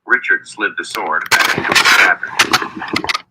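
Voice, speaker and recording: A man narrating a fantasy audiobook in a measured, storytelling read. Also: low-pitched, pushed and bright, slight background noise, low-quality recording.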